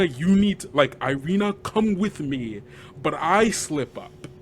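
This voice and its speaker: A man, a game master guest, retelling a tabletop campaign session in a lively, rambling way, often laughing and filling gaps with "like.". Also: fairly high pitch, slight background noise. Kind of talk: animated storytelling recap.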